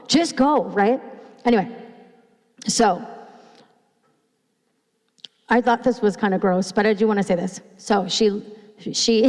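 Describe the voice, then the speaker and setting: A woman's voice: fairly high pitch, a little mellow. A middle-aged woman pastor preaching a sermon in a chatty, conversational way, acting out quoted voices. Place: church sanctuary. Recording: long hall reverb.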